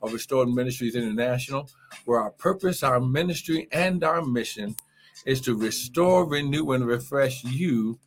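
A man's voice: mid-range voice, animated, moderate pace. A man preaching a live morning sermon as pastor, exuberant and repetitive, calling out praise and urging listeners on. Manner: repeats phrases and urges listeners to get it.

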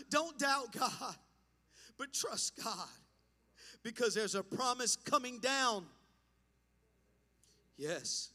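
Male preacher, high bright voice, slow and fervent, long hall echo. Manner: impassioned, rising to shouts. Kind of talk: pentecostal-style sermon. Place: church sanctuary.

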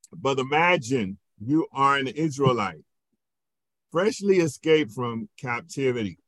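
A man, a pastor, teaching a Bible lesson in a slow, questioning way and often checking in with his listeners. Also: medium pitch, no room sound.

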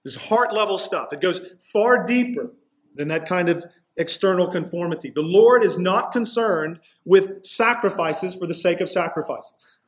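Male pastor, expository sermon, slightly higher voice, emphatic on key lines. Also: lively intonation, moderate pace. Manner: expository preaching, rising intensity on key points.

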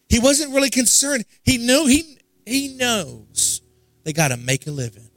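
A man's voice: very high-pitched, sing-song, slow pace, long pauses, fairly bright tone, no room sound, soft background music, low-quality recording. A man preaching a sermon in an earnest way, often repeating words as he searches for his phrasing. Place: church service.

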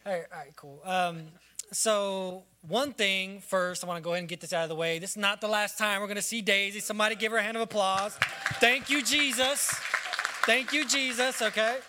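Bright high-voiced man blessing a pastor. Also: steady tone, quick pace, some chatter behind, a little hiss or hum. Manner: preachy, declaring blessings, near tears. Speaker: church member giving a farewell tribute. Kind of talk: emotional church farewell speech. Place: church sanctuary.

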